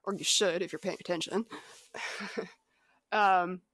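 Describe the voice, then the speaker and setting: A young adult woman co-hosting a laid-back recap podcast, her voice close and dry on the mic. She tells the story with lively energy and laughs often. She acts out the characters' lines along the way. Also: fairly low pitch, slow, no echo. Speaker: podcast co-host. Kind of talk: casual episode recap chat.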